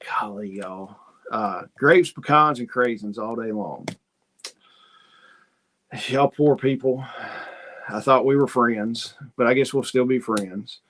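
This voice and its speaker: A man's voice: medium pitch, slow pace, pauses often, fairly bright tone, a little hiss or hum. A man hosting a casual livestream, reading viewer comments and telling rambling stories in which he acts out both sides of a conversation. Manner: folksy, rambling storyteller who acts out dialogue. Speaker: host.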